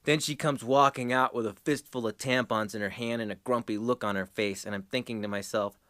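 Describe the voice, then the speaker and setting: A man's voice: mid-range voice, steady tone, brisk, fairly bright tone, dry recording, studio quality. A man from the United States hosting a rambling, casual monologue. He chuckles as he goes and drifts into crude asides. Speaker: host.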